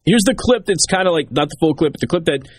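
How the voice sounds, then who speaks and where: A talk show host delivering political commentary in an emphatic way, hammering key points by repeating them. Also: male voice, fairly high pitch, lively intonation, quick pace, husky.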